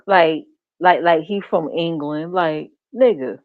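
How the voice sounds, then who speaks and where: A woman's voice: lowish voice, measured pace, dry recording. A woman streamer giving blunt, profane gossip commentary, mocking as she talks and laughing often. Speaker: reaction streamer. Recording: dull muffled stream audio.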